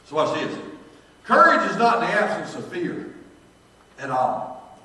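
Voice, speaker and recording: Dramatic preacher, echoey hall from afar. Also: male voice, high-pitched, big pitch swings, measured pace, long pauses. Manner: dramatic storytelling, shifting from hushed to shouting. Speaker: pastor. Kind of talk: sermon. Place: church sanctuary. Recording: echoey church hall, distant mic.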